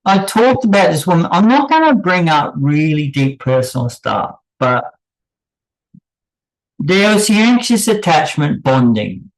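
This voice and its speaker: A man hosting his own channel, speaking in unscripted commentary with halting, pausing delivery and wry, apologetic asides. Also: fairly high pitch, big pitch swings, low-quality recording. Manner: halting, pausing, with many restarts. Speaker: channel host.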